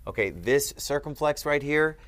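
A man's voice: on the high side, animated, normal speed, fairly bright tone, clear, resonant tone. A man teaching at a board in a room, explaining patiently and checking in with frequent "okay?".

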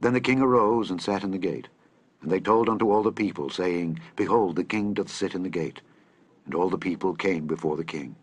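A man reading scripture aloud in a measured, solemn manner. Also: deep voice, husky. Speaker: scripture reader.

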